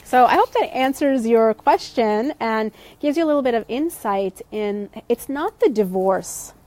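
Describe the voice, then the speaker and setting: A woman life coach in a conversational, reflective live-stream talk, gently reassuring viewers and using many fillers. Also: fairly high pitch, expressive, unhurried.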